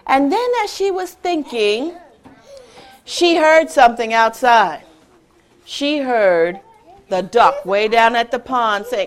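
A woman telling a children's story at an event with tables, lively and singsong, breaking into little tunes. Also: sits high, slow.

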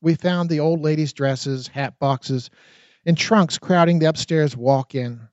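A man narrating his own memoir in an expressive, dramatic audiobook reading. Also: a little high, a little slow, no echo. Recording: dull, lo-fi dry recording.

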